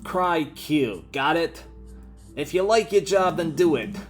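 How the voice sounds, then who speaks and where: Brief: man playing a frantic, high whiny vintage comic, loud and drawn out, game music behind. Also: expressive, slow pace. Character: whiny nasal slapstick comic, male, frantic.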